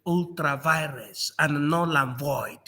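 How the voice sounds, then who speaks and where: A man's voice: on the high side, slow, sharp tone. A man from Nigeria in a political discussion, mocking and repeating phrases, laughing often. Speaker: panel guest.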